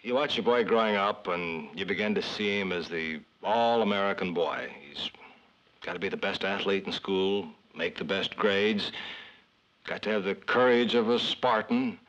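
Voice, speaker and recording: An actor playing a thoughtful middle-aged suburban father, talking in an earnest, soft-spoken, self-questioning way in a 1950s sitcom. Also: sits low, normal speed. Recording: dull 1950s TV soundtrack with faint music.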